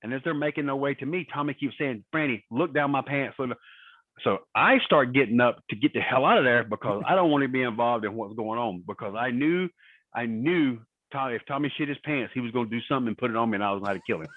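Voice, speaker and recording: A man's voice: medium pitch, quick pace, dry recording. A man guesting on a podcast, telling profane, laughing anecdotes on a remote call. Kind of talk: casual storytelling. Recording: tinny phone-line sound.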